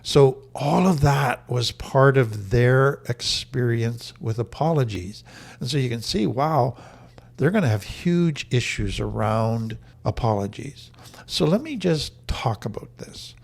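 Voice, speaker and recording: A man's voice: medium pitch, animated, slow, creaky, breathy edge. A man giving an earnest, emphatic teaching talk on trauma recovery, repeating his key phrases for weight.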